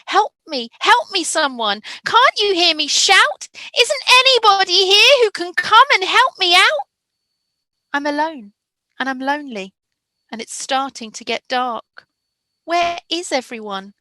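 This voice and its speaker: A woman voicing a small lost child who speaks in a high, plaintive voice. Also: animated, measured pace, pauses often, no echo. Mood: scared. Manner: high, plaintive, fading to quiet.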